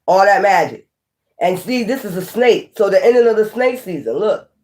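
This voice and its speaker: A woman giving a casual, animated tarot reading, often scolding and repeating herself. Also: medium pitch, moderate pace. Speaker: tarot reader.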